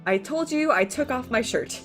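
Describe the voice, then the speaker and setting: A woman's voice: high voice, lively intonation, normal speed, a bit bright, faint music behind. Chatty woman reading a visual novel. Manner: chatty, bemused reading with side comments. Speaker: let's play co-host reading the heroine.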